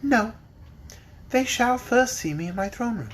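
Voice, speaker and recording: A man's voice: sits high, very animated, fairly quick, a little mellow, slight background noise. A man voicing a gracious, decisive young girl ruler who speaks in a stately, formal way. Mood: decided.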